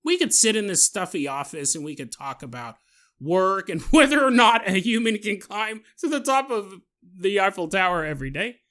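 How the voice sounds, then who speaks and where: A man's voice: high voice, expressive, normal speed, sharp tone. A man voicing a playful French male job interviewer in an exaggerated put-on French accent. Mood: schmoozing. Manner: theatrical, swooping exaggerated delivery.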